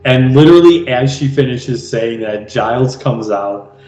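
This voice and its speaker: A man's voice: medium pitch, unhurried, a little mellow, soft background music. A man co-hosting a podcast, helpfully picking up an episode recap, talking casually with repeated words and fillers. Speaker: podcast co-host. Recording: echoey room with faint hum.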